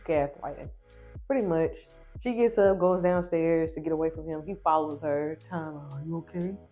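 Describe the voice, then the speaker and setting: A woman casually recapping a reality TV episode, chatty and opinionated, retelling scenes quickly. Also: deep voice, steady tone, mellow, faint music behind.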